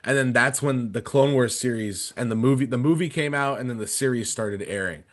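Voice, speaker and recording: A man's voice: mid-range voice, a little fast. A man in his twenties casually telling a story on a podcast, rambling with many fillers and restarts. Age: 20s. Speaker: podcast panelist.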